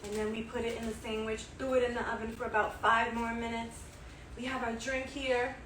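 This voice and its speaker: A woman's voice: fairly high pitch, flat delivery, brisk, fairly bright tone, slight background noise. A woman hosting her own cooking vlog, chatty and enthusiastic, repeating herself as she cooks and tastes. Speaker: home cook, channel host. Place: home kitchen. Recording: echoey kitchen, mic at a distance.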